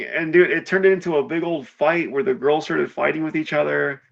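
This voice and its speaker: A man's voice: a little high, moderate pace, creaky, dull audio. A man telling a wild party story in casual chat, swearing freely and acting out what everyone said. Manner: animated, swears a lot, acts out quotes.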